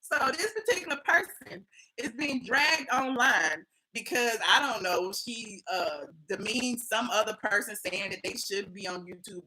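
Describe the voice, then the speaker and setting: Sassy lady doing live gossip talk, high bright voice. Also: measured pace, low-quality recording. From Atlanta, US. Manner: sassy, animated, laughs a lot. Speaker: host. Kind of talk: livestream gossip commentary.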